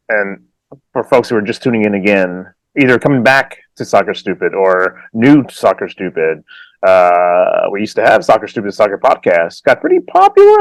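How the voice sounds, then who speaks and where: A man with kids co-hosting a casual soccer podcast, animated and laughing often as he tells stories and slips into silly voices. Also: on the low side, no room sound. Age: adult with children. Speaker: podcast co-host. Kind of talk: casual chat.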